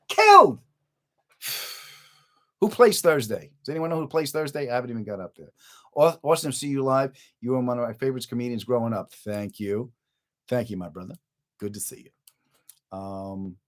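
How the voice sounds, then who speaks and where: A middle-aged man, a comedian hosting his own podcast, chatting casually with viewers and telling jokey stories. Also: a little high. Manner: joking, animated storytelling. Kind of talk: casual live-stream chat.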